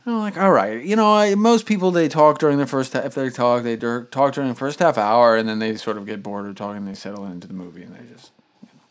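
A man telling a casual story on a podcast, rambling with lots of fillers and animated retellings. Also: mid-range voice, fast. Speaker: podcast host.

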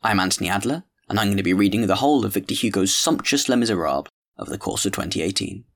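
A man hosting a podcast and reading a classic novel aloud in a measured, literary way. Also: lowish voice, animated. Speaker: podcast host and narrator. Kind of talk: audiobook narration.

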